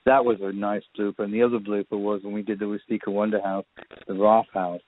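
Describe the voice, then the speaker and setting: A man's voice: on the low side, level tone, fast talker. A man, a filmmaker guest, telling rambling anecdotes in a casual interview. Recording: tinny phone line.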